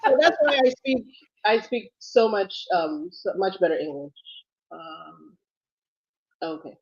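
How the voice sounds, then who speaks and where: A woman's voice: on the low side, big pitch swings, takes it slowly, gravelly, pauses often, husky. Ghanaian-born woman on a video call, chatty, laughs a lot, kinda sick, dull lo-fi sound. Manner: chatty, laughs often, swears casually. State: sick, struggling. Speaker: co-host. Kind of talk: casual livestream chat.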